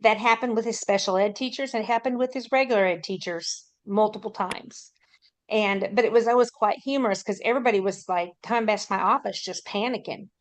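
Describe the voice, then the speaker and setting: A woman's voice: mid-range voice, fairly quick. A woman who works as a school counselor, telling a matter-of-fact anecdote in a panel talk.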